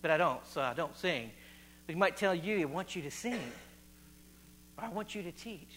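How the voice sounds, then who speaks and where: A man's voice: a little high, expressive, normal speed, a bit bright, soft background music. A man from Virginia, preaching an informal sermon and quizzing the congregation with repeated questions. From West Virginia. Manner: chatty, quizzes the audience, repeats phrases.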